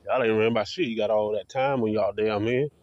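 A man's voice: lowish voice, fairly even intonation, quick pace, no echo, muffled recording. A man vlogging in a combative, profane ranting monologue, talking defiantly. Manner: combative, defiant, heavy swearing.

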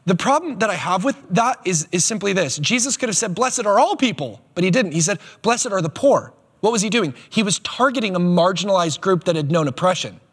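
A man preaching a sermon as pastor, animated and emphatic, with quick asides. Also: high-pitched, breathy edge. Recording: long hall reverb.

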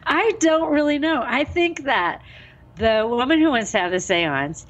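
A woman's voice: sits high, expressive, unhurried, dull audio. A woman co-hosting a paranormal podcast, telling a story with lots of laughter. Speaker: podcast co-host. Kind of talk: casual podcast chat, storytelling.

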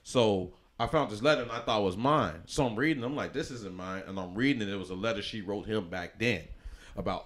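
A man with a fairly low voice, talking as a podcast guest. He tells his story in a loose, rambling way, often restarting and filling pauses. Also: a bit bright. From Chicago, USA. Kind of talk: casual interview storytelling.

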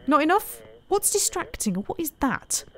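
A woman's voice: high-pitched, very animated, a little slow, soft background music. A woman commenting casually as she plays a video game, chatty and often laughing, teasing the characters on screen. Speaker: gaming streamer. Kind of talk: casual let's-play commentary.

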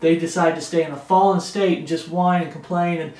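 A man's voice: on the high side, steady tone, brisk, a little mellow, roomy sound. A man preaching a sermon with an earnest, pleading delivery.

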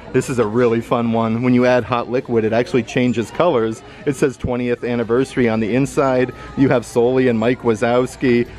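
Man, casual shopping vlog, upbeat, enthusiastic, medium pitch, handheld camera in a store. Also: a little mellow. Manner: upbeat, enthusiastic, points out prices. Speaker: vlogger. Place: indoor retail store.

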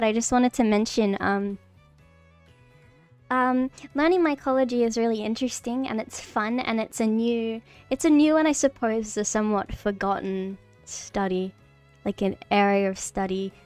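A woman streamer giving a casual lesson on mushrooms, rambling and halting with many fillers and restarts, bubbly and playful. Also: fairly high pitch, a little mellow, smooth. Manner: bubbly, repeats phrases playfully. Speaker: streamer teaching a mycology lesson. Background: faint background music.

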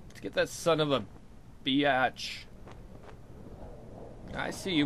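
A young man commentating his own game play casually, excitable and jokey, swearing often and talking back at the game. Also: a little high, takes it slowly, pauses often, slight background noise. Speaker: let's play host.

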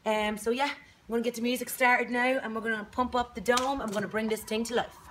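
A woman's voice: fairly high pitch, steady tone, a little fast, close to an everyday voice. A woman playing a brash young Dublin mum who teaches dance, blunt and slangy, in a Dublin accent. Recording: distant mic with background noise.

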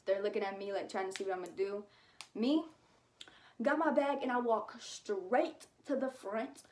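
A young woman vlogger telling a personal story and giving advice in a casual, chatty way, full of "like" fillers and slang. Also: on the high side. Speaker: YouTuber.

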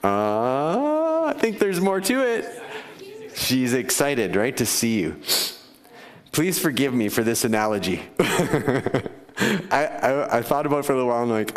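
A pastor in a church sanctuary delivers a conversational sermon, frequently laughing and putting questions to his congregation. His medium-pitched voice swings widely in pitch at an unhurried pace, echoing with the long reverb of the church hall.

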